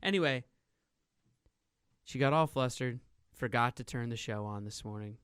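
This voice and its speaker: A man hosting a radio talk show, bantering casually and rambling in an animated, teasing way. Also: medium pitch, normal speed, clean tone.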